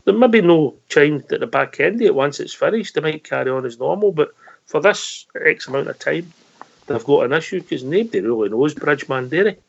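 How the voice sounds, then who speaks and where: A man's voice: a little high, expressive, brisk, creaky. A man hosting a casual radio phone-in, blunt and full of ums, calling everyone mate. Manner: blunt, calls people mate, hesitant fillers. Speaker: phone-in host. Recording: lo-fi online radio audio.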